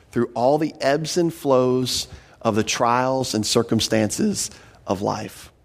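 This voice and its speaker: A pastor preaching an expository sermon, earnest and emphatic, often repeating a word as he starts a phrase. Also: medium pitch.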